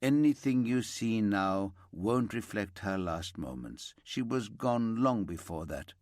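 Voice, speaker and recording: Man reading a weary inspector: low, careful, gentle, slow audiobook read. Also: animated, no echo, clean studio sound.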